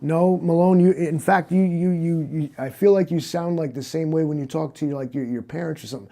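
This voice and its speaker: A man's voice: a little high, a little fast, hardly any pauses, dark tone. A man playing a skeptical interrogator in an improvised comedy scene, questioning hesitantly.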